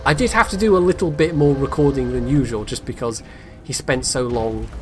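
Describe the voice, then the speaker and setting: A man's voice: medium pitch, fairly quick, over music. A man giving casual, rambling commentary on a game replay, full of fillers and dry asides.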